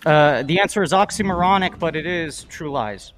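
A man's voice: a little high, normal speed, crowd noise. Punning male trivia contestant. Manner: hesitant, punning answers.

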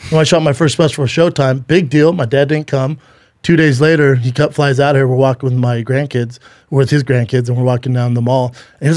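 A man's voice: medium pitch, steady tone, a little fast, darkish tone, dry recording. A man co-hosting a casual podcast, joking and teasing his way through the banter. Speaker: podcast co-host.

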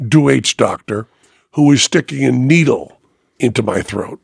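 Podcast host, male, gravelly and husky, lively storyteller with big pitch swings, dry close mic. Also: a little slow, no echo. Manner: lively storyteller, acts out other people's voices. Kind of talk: casual chat, animated storytelling.

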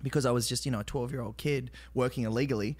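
A man's voice: mid-range voice, fairly even intonation, fast talker, a little mellow. An Australian man telling stories in a casual interview, rambling with many fillers. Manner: rambling, many fillers, acts out quoted voices. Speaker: actor guest.

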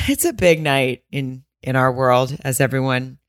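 A woman's voice: extremely low pitch, slow pace, no echo, clean studio sound. A woman co-hosting a casual podcast from home, joking about herself and laughing often. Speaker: podcast co-host. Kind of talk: casual chat. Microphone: remote call setup at home.

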